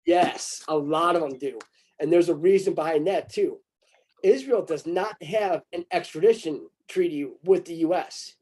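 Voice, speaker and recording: A man's voice: fairly high pitch, normal speed, a little mellow. A man talking casually in a crude, rambling way, with mocking asides. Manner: breaks into mocking put-on voices. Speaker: conversation partner.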